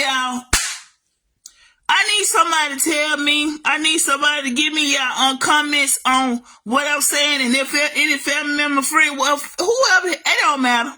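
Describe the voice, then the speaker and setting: A woman's voice: animated, unhurried. Fired-up woman ranting to the camera. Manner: heated, calls the listener baby, swings loud and high. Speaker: vlogger. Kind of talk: emotional family rant to camera.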